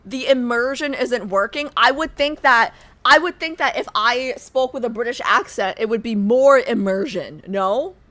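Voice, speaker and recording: A young woman from New York, chatting casually on a livestream, animated and rambling, laughing often and restarting her sentences. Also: a little high, normal speed, hardly any pauses.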